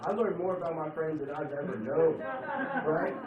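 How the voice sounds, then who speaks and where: Brief: male stand-up comic, animated, slips into voices, heard from across a roomy club, crowd laughing. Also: moderate pace. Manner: animated, jumps into loud put-on voices and drops to low mutters. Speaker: stand-up comedian. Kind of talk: stand-up comedy set with crowd work. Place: comedy club stage. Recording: echoey club, distant mic, dull sound, crowd laughter.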